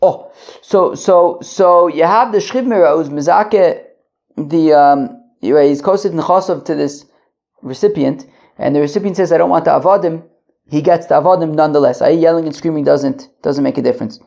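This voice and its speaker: Male Talmud teacher, gravelly edge, muffled lo-fi sound, halting delivery with many restarts while pacing. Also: a little high, a little mellow. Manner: halting, many restarts and fillers, Yiddish-flavored study terms. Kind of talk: daily Talmud lesson, translating line by line. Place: pacing at the edge of a wedding hall.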